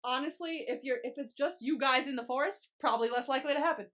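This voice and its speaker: A young woman co-hosting a podcast, chatting casually and swearing freely as she recaps a series. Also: sits high. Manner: swears a lot, quick and animated. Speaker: podcast co-host.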